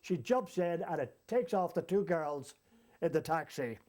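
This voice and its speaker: High-voiced man telling a comic yarn. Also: measured pace. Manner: lively, chuckles as he tells it. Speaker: storyteller. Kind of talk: comic anecdote told to an audience.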